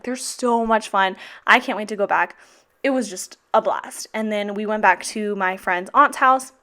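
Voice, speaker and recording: A woman's voice: medium pitch, a bit bright. A young woman talking through her planner in a casual vlog, blunt and heavily profane. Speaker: teacher vlogger. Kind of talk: casual plan-with-me vlog chat.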